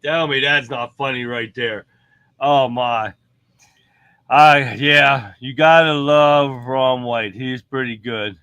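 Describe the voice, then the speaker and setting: Folksy show host, dry close mic. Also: male voice, mid-range voice, slow pace, pushed and bright, clear, resonant tone, no echo. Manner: folksy, amused, chatty. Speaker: host of a political talk show. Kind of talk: casual show commentary.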